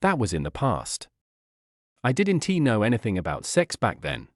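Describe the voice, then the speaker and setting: A man's voice: fairly low pitch, wildly swooping pitch, moderate pace, dry recording, studio quality. A man reading the lines of a naive, cheerful young male martial artist in a pleading, flustered way.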